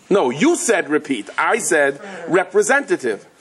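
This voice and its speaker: A man, a rabbi giving a Torah lecture, telling stories and acting out the people in them with big jumps in his voice. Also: a little fast. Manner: animated storyteller, acts out quotes with big pitch jumps.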